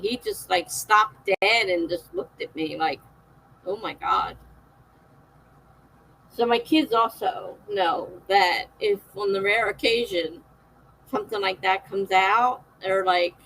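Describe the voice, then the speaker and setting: A woman's voice: mid-range voice, bright, forceful tone, slight background noise, low-quality recording. A middle-aged woman hosting a live stream, chatting casually with viewers, laughing often and reading out their comments.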